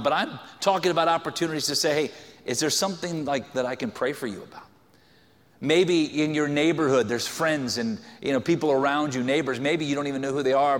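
A man's voice: fairly high pitch, fairly bright tone, in a large hall. A male pastor preaching a sermon in a loose, conversational way, joking and using many filler words. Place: church sanctuary.

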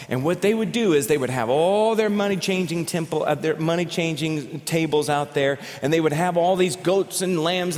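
A man preaching a sermon as pastor, telling stories in an animated way and often repeating words as he goes. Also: fairly high pitch. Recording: long reverb of a large hall.

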